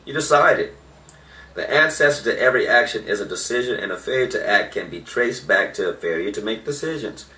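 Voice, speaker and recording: A man's voice: medium pitch, animated, brisk, bright, forceful tone, recorded from a distance. A man giving an informal motivational talk, emphatic and repeating his key points. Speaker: motivational speaker. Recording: echoey room, voice off-mic.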